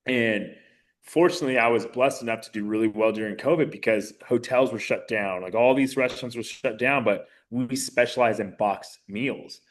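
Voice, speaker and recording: A man in his thirties, a podcast guest, telling his story in a casual, animated way with many fillers. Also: medium pitch, normal speed. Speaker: podcast guest, mayoral candidate.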